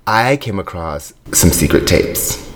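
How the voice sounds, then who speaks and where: A man co-hosting a comedy podcast, teasing in a dry, deadpan way. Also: low voice, slow pace, vocal fry. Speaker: podcast co-host.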